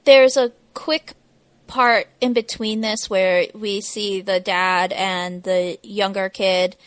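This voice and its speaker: A woman co-hosting a podcast from her home mic. The sound is dry, with no room around her. She chats casually, adding quick asides and laughing as she goes. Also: medium pitch, fairly even intonation, no echo. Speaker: podcast co-host. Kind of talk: casual chat recapping a TV episode. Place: home, a cat snoring nearby.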